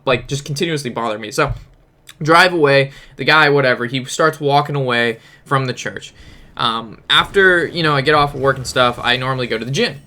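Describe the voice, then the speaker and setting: Profane, rambling young gaming streamer man. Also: medium pitch. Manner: rambling, profane, animated storytelling. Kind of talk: casual storytelling while playing a card game.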